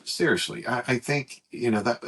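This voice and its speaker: A middle-aged man co-hosting a podcast, telling a personal story in a halting, animated way with frequent restarts. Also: mid-range voice, gravelly, husky. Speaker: podcast co-host. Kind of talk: casual chat, personal storytelling.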